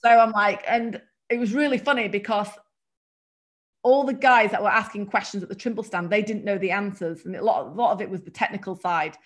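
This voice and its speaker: English woman, mild accent, guest chatting, lively storyteller, laughs along. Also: medium pitch, a little fast. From England. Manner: chatty, animated, laughs while telling stories. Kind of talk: casual storytelling.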